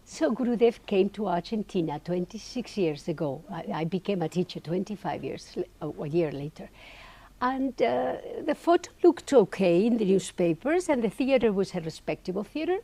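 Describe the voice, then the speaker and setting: An older woman, a podcast guest, telling her story in an animated way and poking fun at herself. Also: medium pitch, moderate pace. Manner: animated, lively storytelling with playful self-mockery. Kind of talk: storytelling interview answer.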